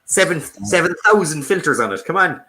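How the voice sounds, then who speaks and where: A man's voice: on the high side, sing-song, fairly quick, sharp tone, soft background music. An Irish man hosting a live quiz stream from home, joking and reading out viewers' comments. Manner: jokey, laughs often, reads out viewer comments. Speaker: quiz host. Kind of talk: casual live-stream chat.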